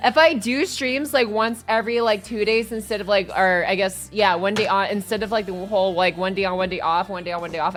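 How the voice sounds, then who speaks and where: A young adult woman streaming live, chatting casually in a rambling, excitable way and laughing often. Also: mid-range voice.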